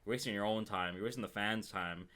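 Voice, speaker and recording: A man's voice: on the low side, quick pace, pushed and bright. A young man co-hosting a casual chat, emphatic and repetitive, often ending lines with "bro". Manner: emphatic, repeats himself, ends lines with "bro". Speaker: podcast co-host.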